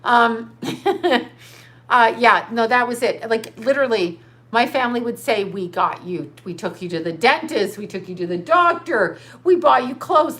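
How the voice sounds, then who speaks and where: A middle-aged woman chats loosely on her own livestream, answering viewers as a psychic. Her voice sits a little high, and she rambles from topic to topic, bursting into profane outbursts. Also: a little slow, a bit bright. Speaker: livestream host. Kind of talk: casual livestream chat reading viewer comments.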